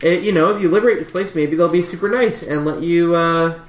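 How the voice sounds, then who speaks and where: A man running a tabletop game as game master, halting and full of fillers as he describes scenes and settles rules. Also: a little high. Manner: halting, filler-heavy, quick rulings. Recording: echoey room.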